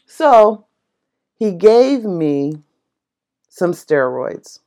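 A woman casually telling a personal story in an excitable, passionate way, laughing as she talks. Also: fairly low pitch, drawn-out words. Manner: animated, excitable, laughs while talking; passionate and chatty.

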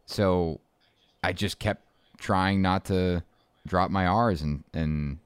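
A man in his thirties from Boston with a faint, mostly smoothed-out Boston accent, talking casually as an interview guest in a rambling way full of restarts and asides. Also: low voice, takes it slowly, no room sound.

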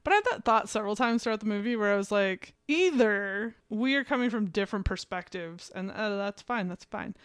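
A woman's voice: mid-range voice, lively intonation, brisk, few pauses, smooth, no room sound, studio quality. A woman co-hosting a casual podcast chat, laughing often, swearing and acting out reactions. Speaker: podcast co-host.

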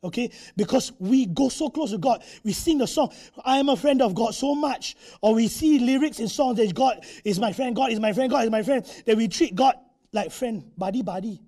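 A male preacher delivers a conversational sermon in a church. His voice is high, husky and dark-toned. He acts out little quotes and drops tag particles as he goes. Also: moderate pace.

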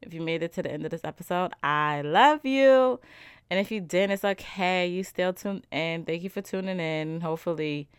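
A young woman talks through a casual solo podcast. She is animated and slangy, driving her points home with repeated "okay?" over a dry, close sound. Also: on the low side, a little fast, few pauses, clear, resonant tone, no room sound. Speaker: podcast host.

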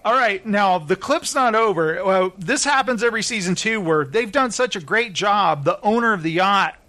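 A man hosts a casual talk show, his voice sitting a little high. He rambles through a story with plenty of fillers and animated retellings. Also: moderate pace. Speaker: podcast host. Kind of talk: casual chat recapping a reality show.

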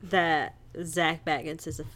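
A woman's voice: low-pitched, steady tone, unhurried, fairly bright tone. A young woman co-hosting a casual podcast, reacting with wry jokes and reading out notes. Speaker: podcast co-host. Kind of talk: casual chat.

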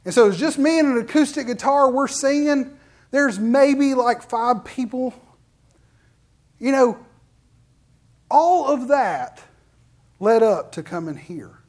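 A middle-aged man, a pastor telling personal stories in an animated sermon and acting out quoted voices. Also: very high voice, slow, long pauses. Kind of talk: storytelling sermon.

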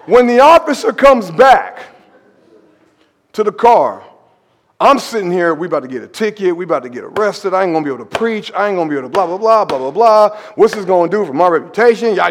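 A male pastor telling a story in a sermon, animated and conversational, sometimes dropping to a hushed emphasis. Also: high voice, fairly quick, in a large hall. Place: church sanctuary.

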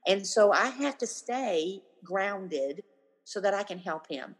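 A woman in her fifties, guest on a casual interview, speaks slowly in a husky, medium-pitched voice. She's animated and acts out the lines of the people she quotes.

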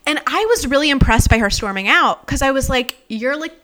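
A woman's voice: high-pitched, expressive, brisk, sharp tone. A woman in casual podcast chat, retelling events in a gossipy way with frequent "like". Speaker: podcast co-host or guest.

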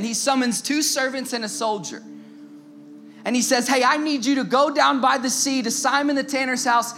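A man preaching to young listeners in a casual storytelling way, asking them questions and using slang. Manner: conversational, asks the audience, drops to a low hushed tone for the tense parts. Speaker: youth preacher.

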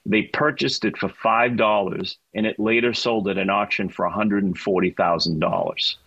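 Boston-accent sports guest, low and husky, emphatic chatty storyteller, dull lo-fi line. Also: male voice, fairly even intonation, normal speed, a bit bright, no echo. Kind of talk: casual radio chat.

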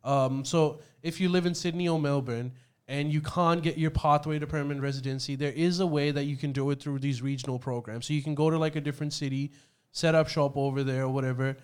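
A man's voice: a little high, fairly even intonation, quick pace, smooth. A man in casual chat, telling stories animatedly and swearing freely.

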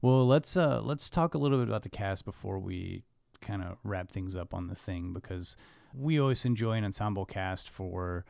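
Low, gravelly man hosting a film podcast. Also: moderate pace, no room sound, clean studio sound. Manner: rambling, many fillers and restarts, trails off quietly. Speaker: podcast host. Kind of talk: casual film discussion.

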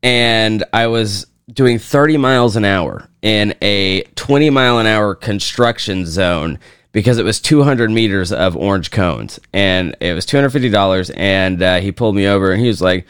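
A man's voice: fairly low pitch, normal speed, a bit bright, clean tone, no room sound, studio quality. A man co-hosting a podcast, telling a profane story with lots of energy in casual chat. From Kansas, USA. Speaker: podcast co-host.

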